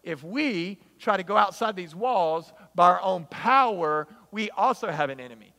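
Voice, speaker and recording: High-voiced animated man preaching. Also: moderate pace, vocal fry. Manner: animated, storytelling, emphatic. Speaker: pastor. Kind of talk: sermon.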